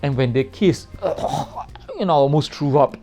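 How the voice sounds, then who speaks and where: A man's voice: a little high, a little slow, mellow, faint music behind. A man giving a casual spoken film review in a playful way, repeating words for comic effect.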